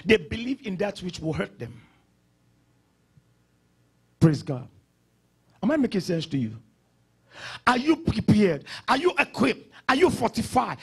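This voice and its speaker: Husky high-voiced preaching pastor. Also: male voice, very animated, unhurried, pauses often. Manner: preaching with sudden loud rises and drops. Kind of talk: sermon.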